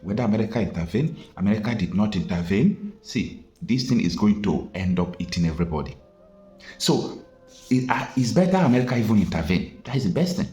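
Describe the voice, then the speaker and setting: Emphatic Nigerian man, lively delivery. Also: fairly low pitch, brisk, roomy sound, soft background music. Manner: animated, emphatic, rhetorical questions. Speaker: political commentator. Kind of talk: impassioned commentary vlog.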